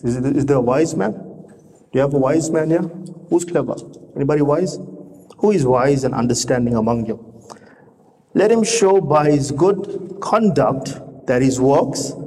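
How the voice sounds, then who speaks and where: A man's voice: medium pitch, animated, unhurried, pauses often, mellow. A man preaching a sermon, talking conversationally to the congregation and asking them rhetorical questions. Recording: reverberant hall with faint noise.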